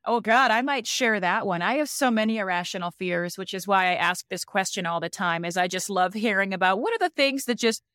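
A woman's voice: medium pitch, fairly quick, few pauses, fairly bright tone, clean tone, no room sound, studio quality. A woman hosting a podcast, asking questions in an upbeat, encouraging way. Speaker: podcast host. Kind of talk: podcast interview.

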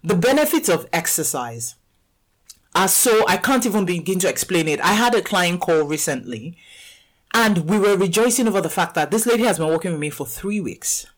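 A woman's voice: on the low side, normal speed, poor audio. A woman in her thirties with a Nigerian accent, hosting a casual podcast and telling stories with lots of laughter and acted-out dialogue. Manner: animated storyteller, laughs often, acts out dialogue. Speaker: podcast host and fitness coach.

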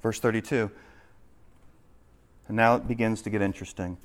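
A man preaching a sermon, swinging between loud, urgent questions and hushed explanation. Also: fairly low pitch, fairly even intonation, normal speed. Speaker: pastor.

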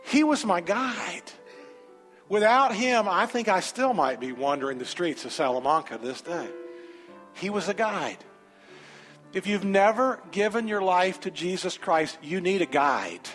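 A man preaching a sermon in a large church sanctuary, telling a personal story with animated energy and then moving into an emphatic altar call. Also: high voice, unhurried. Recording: reverberant sanctuary with faint music.

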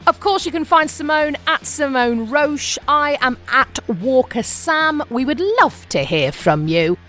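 A woman's voice: unhurried, faint music behind. A woman co-hosting a podcast in bubbly, casual chat, laughing often. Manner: bubbly, laughs often, lively swings in pitch. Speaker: podcast co-host.

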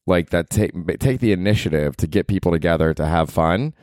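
Deep-voiced man hosting a rambling comedy podcast. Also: a little fast, few pauses, darkish tone, no echo, clean studio sound. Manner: rambling, joking, slangy. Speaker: podcast host. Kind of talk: solo comedy podcast monologue.

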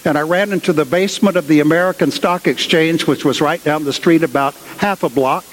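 Speaking briskly in a somewhat high voice, this guest preacher at a cathedral delivers a storytelling sermon packed with asides. The space gives his words a long, echoing reverb.

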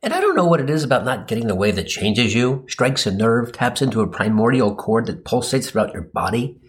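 A man delivers a comedic storytelling monologue with a sarcastic, exasperated edge. His pitch swings widely as he rants, rising high for punchlines and dropping low for asides. He sits at a middle pitch for a man. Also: sing-song, fairly quick.

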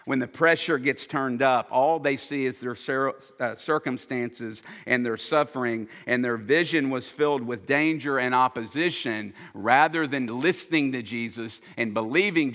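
A man's voice: medium pitch, fairly bright tone, big-room sound. A man, a pastor, preaching an earnest, emphatic sermon and acting out the quoted lines.

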